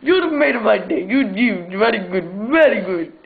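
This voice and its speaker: A young man doing a high-voiced fussy immigrant dad. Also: lively intonation, normal speed, vocal fry. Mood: insistent. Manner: insistent, pleading, broken English. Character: fussy immigrant father booking a party. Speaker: prank caller. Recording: tinny phone line with faint hiss.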